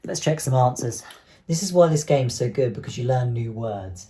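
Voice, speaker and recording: A man's voice: medium pitch, animated, normal speed, warm tone. Upbeat male teacher talking to kids. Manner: clear, encouraging, speaks to pupils directly. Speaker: primary school teacher. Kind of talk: online lesson for children.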